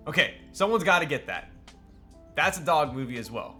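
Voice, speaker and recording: Bright-voiced man chatting on a stream. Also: a little high, sing-song, moderate pace, soft background music. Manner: chatty and joking, replies to chat, laughs often. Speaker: live streamer building a keyboard. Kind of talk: casual live-stream chat.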